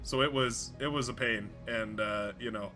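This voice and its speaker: Man, game streamer, casual live commentary, crisp bright voice, stumbles over words, swears now and then. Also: mid-range voice, normal speed, soft background music.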